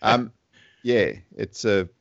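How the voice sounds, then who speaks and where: An Australian podcast co-host chats casually, thinking aloud with plenty of laughter and restarts. He talks very slowly in a fairly low voice with vocal fry, and the dull, lo-fi recording has no room sound.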